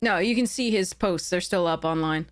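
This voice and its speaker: A woman's voice: lowish voice, moderate pace. A woman game streamer chatting live with her viewers, earnest and heated, often stopping to apologize.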